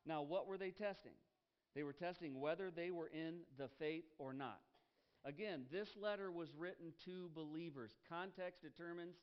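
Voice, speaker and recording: A man's voice: on the high side, clean tone, muffled recording. A man preaching a sermon as pastor, emphatic, repeating key phrases and asking the congregation questions. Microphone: headset.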